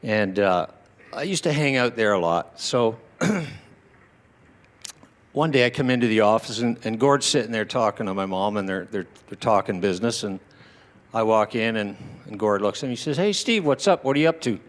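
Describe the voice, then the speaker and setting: Older man, low-pitched, live storyteller who acts out his quotes. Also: moderate pace. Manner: animated, acts out shouted quotes of relatives. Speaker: storyteller at a tribute evening. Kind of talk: personal storytelling to an audience. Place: small studio venue, indoors.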